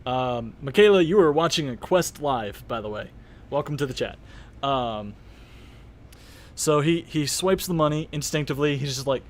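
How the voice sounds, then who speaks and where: A man's voice: mid-range voice, lively intonation, normal speed. Rambling young male game master. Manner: rambling, many fillers, laughs at himself. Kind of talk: narrating a live-streamed tabletop game.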